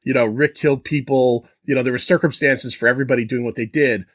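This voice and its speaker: A man's voice: mid-range voice, steady tone, fast, a bit bright, no echo, clean studio sound. A man co-hosting a casual podcast, talking in a thoughtful, reflective way. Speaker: podcast co-host. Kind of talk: casual chat.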